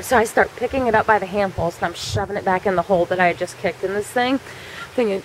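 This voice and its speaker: A woman's voice: medium pitch, steady tone, fast, a little hiss or hum, rough recording. A woman vlogger telling a childhood story in a chatty way, full of fillers and swearing freely. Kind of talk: casual storytelling.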